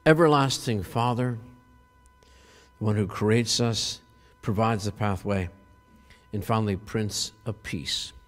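A man preaching a sermon, retelling a film as a story in an animated way, with many fillers and restarts. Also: lowish voice, slow, long pauses, long reverb tail, faint music behind. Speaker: pastor.

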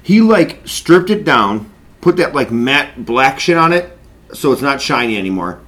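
A man's voice: mid-range voice, big pitch swings, measured pace, fairly bright tone. Man telling workplace stories casually. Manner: storytelling, quotes others, laughs often. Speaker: podcast co-host. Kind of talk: casual chat.

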